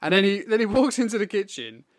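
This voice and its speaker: A man's voice: sits high, sing-song, quick pace, no room sound, clean studio sound. A man co-hosting a casual film review podcast, telling chatty, giggly recaps. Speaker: podcast co-host.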